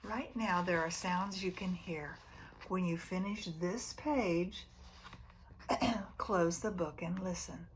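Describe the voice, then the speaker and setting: A preschool teacher, a woman, reads a picture book aloud to young children, often dropping to a near whisper and gently asking them questions. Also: fairly low pitch, slow, a little hiss or hum.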